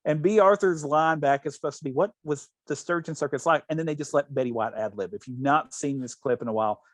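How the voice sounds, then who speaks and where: Talking fast at a medium pitch, this male podcast host rambles through his stories in relaxed conversation, frequently starting over. The sound is dry, without echo.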